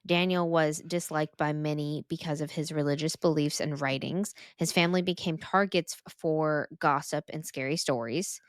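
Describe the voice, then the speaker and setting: A woman's voice: deep voice, fairly even intonation, normal speed, hardly any pauses, dry recording, studio quality. A woman co-hosting a podcast, telling a story in a rambling casual way with restarts. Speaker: podcast co-host.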